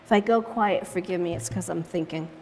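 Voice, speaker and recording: A woman's voice: fairly low pitch, a little fast, darkish tone, slight background noise. A woman teaching watercolor in a live demonstration, chatting through each step as she paints and laughing easily as she tells stories. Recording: long reverb in a large room.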